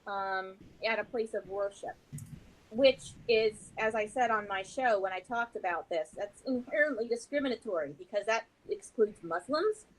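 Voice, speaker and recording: A woman's voice: mid-range voice, normal speed, low-quality recording. A woman as a podcast guest, chatting in a rambling, self-deprecating way. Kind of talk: casual chat.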